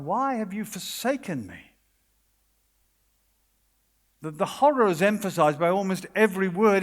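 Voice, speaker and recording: A British man preaches a sermon with earnest, dramatic delivery, sinking into hushed pauses. His voice sits high for a man. The sound carries a long reverb from a large conference hall. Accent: British English.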